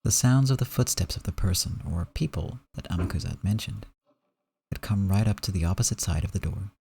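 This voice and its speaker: A man's voice: sits low, fairly quick, gravelly, dark tone, slightly rough. A man streaming a visual novel playthrough, narrating it in the first person with dramatic reading that sinks to whispers at tense moments.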